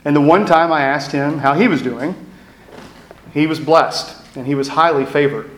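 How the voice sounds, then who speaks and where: A man's voice: on the high side, moderate pace. A man, preaching a sermon as pastor with reflective, self-deprecating storytelling. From East Texas. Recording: echoey room.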